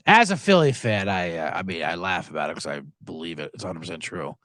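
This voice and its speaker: A man's voice: deep voice, lively intonation, fast, fairly bright tone, dry recording, clean studio sound. A man hosting a sports betting podcast in casual chat, rambling, jokey and profane, often stammering and restarting his sentences.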